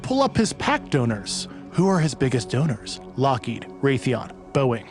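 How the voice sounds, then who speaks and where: A man's voice: mid-range voice, very animated, a little slow, over music. A man giving pointed, challenging political commentary.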